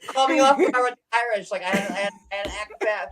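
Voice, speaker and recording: A man's voice: high voice, quick pace, crowd noise, rough recording. A man hosting a casual group chat, hesitant and self-mocking, often restarting his sentences. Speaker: channel host.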